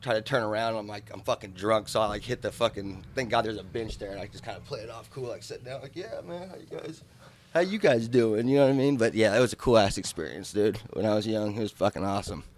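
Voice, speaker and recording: A man, co-hosting a podcast and telling a wild story in a loud, profane, animated way. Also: lowish voice, fast, hardly any pauses, a little hiss or hum. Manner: animated, profane storytelling, acting out drunk shouts. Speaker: podcast co-host. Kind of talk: casual storytelling chat.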